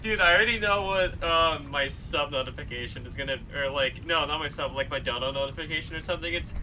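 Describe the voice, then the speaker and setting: A man's voice: a little high, fast, a little hiss or hum, poor audio. A young man streaming a video game, chatting casually with a friend, laughing a lot and swearing freely. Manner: giggly, excitable, swears freely. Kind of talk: casual gaming stream chat.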